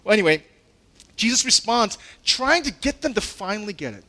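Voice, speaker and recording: A man preaching from the pulpit with a fairly high, very lively voice that climbs and drops a lot. He chats with the congregation, laughs at his own asides and puts on indignant voices for the disciples. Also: a little fast. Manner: conversational and animated, with laughs and asides; acts out the disciples' lines in a raised, indignant voice. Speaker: pastor. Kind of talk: sermon.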